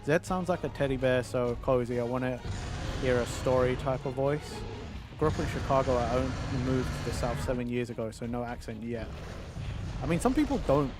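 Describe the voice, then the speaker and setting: A man's voice: mid-range voice, lively intonation, brisk, over music. Casual chatty male streamer. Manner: chatty, reads viewer messages aloud. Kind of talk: casual livestream chat.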